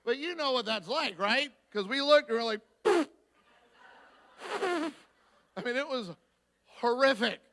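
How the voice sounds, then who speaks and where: Delivering a sermon as a guest in church, this man brings his story to life, performing every character's voice with animation. He keeps an unhurried, deliberate pace, and his voice is high and bright yet gravelly and creaky.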